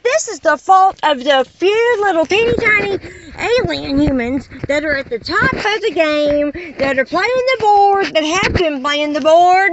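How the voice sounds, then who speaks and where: A woman's voice: very high-pitched, dull audio, noisy background. A woman delivering an impassioned, exasperated monologue full of rhetorical questions. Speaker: caller addressing unseen listeners.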